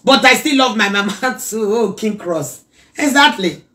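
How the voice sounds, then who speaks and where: A woman with a Nigerian accent giving an animated reaction rant in Pidgin, now and then breaking into song. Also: mid-range voice, normal speed. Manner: animated, preachy, mixes Pidgin and local language, breaks into song.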